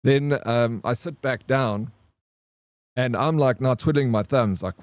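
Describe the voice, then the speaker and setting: A male streamer chats loosely with his viewers and tells a story in a slangy, profane, easygoing way. His voice sits in a middle pitch and sounds dry and close, with no room around it. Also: a little slow, no echo. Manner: loose, slangy, swears, says "bro" often. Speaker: livestreamer. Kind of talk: casual storytelling while greeting chat.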